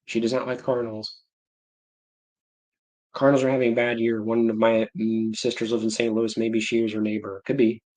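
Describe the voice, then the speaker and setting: A man's voice: mid-range voice, level tone, brisk, darkish tone. A man in his thirties hosting a livestream, rambling in casual chat, breaking off mid-sentence and chuckling at his own stories. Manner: rambling, self-interrupting, laughing to himself. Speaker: livestream host.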